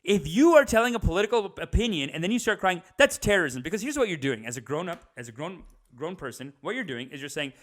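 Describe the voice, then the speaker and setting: A man hosting a comedy podcast, ranting in an animated, profane way. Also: high voice, fast talker, hardly any pauses.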